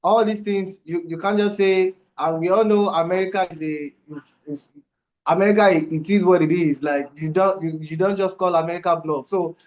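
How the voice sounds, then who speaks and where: A man on a discussion panel, speaking hesitantly with many pauses and fillers. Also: sits high, muffled recording.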